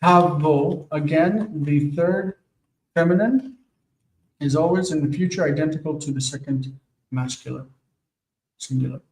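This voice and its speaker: A man teaching a Hebrew grammar lesson, explaining forms slowly and patiently and checking in with "okay?" as he goes. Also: fairly high pitch, warm tone. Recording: echoey room, far from mic.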